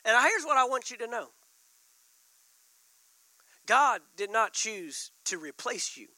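Pastor guy preaching, high bright voice, real dry sound. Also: sing-song, takes it slowly, no echo, rough recording. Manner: preaching with rising emphasis and repetition. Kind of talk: sermon.

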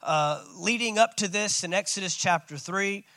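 A man's voice: high voice, normal speed, bright, forceful tone, dry recording. A man preaching a sermon as pastor, calling out to his congregation. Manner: preaching with call-outs.

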